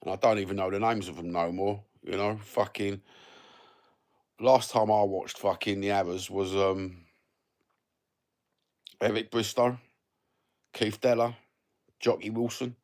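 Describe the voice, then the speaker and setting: Fifties geezer, very deep voice, laid-back sweary banter with viewers. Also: male voice, fairly even intonation, a little slow, long pauses, a little mellow. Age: 50s. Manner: sweary, blokey banter with lots of fillers. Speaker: livestreamer reading viewer comments. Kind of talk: casual rambling chat.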